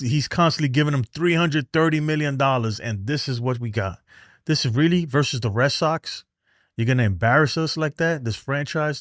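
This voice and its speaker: A man hosts a baseball fan show on a livestream, ranting heatedly, reading chat messages, and often repeating himself in an exasperated, profane way. His voice is mid-range, and the recording is dry with clean studio sound.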